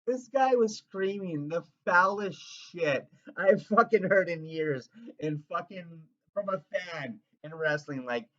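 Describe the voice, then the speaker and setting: A man from Canada rambling in an excitable, profane, casual rant. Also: a little high, slow pace, muffled recording. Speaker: vlogger.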